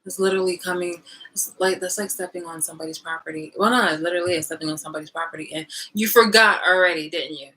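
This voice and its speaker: A young woman vlogging in a casual, animated rant, swearing freely and trailing off into fillers. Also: on the low side, fast, a little hiss or hum, rough recording. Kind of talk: casual ranting monologue.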